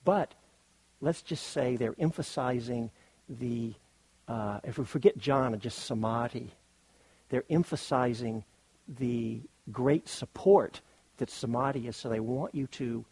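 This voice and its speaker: A man's voice: medium pitch, unhurried, darkish tone, breathy edge, no room sound, poor audio. A man teaching at a meditation retreat, giving a thoughtful dharma talk and rephrasing his ideas as he goes.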